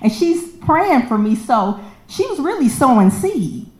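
A woman telling a personal story in a casual, lively way, acting out the voices of the people in it. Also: sits high, unhurried. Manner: animated, acts out quoted voices, laughs often. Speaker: storyteller sharing a personal testimony. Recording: echoey room.

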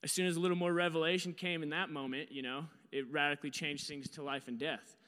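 Animated man preaching in a reverberant hall. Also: on the high side, fast talker, smooth. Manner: animated storyteller, acts out his own panicked shouts. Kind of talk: storytelling sermon.

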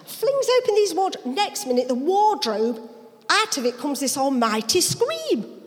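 Lively storytelling woman in a reverberant church. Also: sits high, unhurried. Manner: lively dialect storyteller, acts out voices. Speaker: pastor, interview guest. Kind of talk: personal testimony storytelling.

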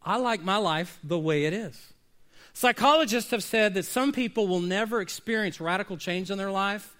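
A male pastor delivering a sermon in a high, bright voice. He preaches in an animated, conversational way, tossing questions at the congregation and dropping into little acted asides.

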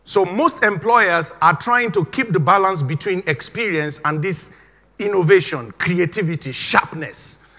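A man's voice: sits high, measured pace, sharp tone, muffled recording. Middle-aged male pastor, emphatic sermon delivery, voice ringing through a long hall reverb. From Nigeria. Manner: emphatic, repeating exhortations.

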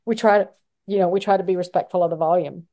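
A woman hosting a podcast, chatting in a relaxed, easygoing way. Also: fairly low pitch, fast talker. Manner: chatty, relaxed, easily amused. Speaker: podcast host. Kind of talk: casual interview chat.

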